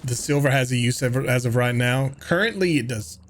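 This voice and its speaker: A man's voice: medium pitch, a little fast, slight background noise. A man from New York streaming a game live, chatting casually with viewers, reading their messages aloud and swearing offhandedly. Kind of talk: casual live-stream chat while gaming.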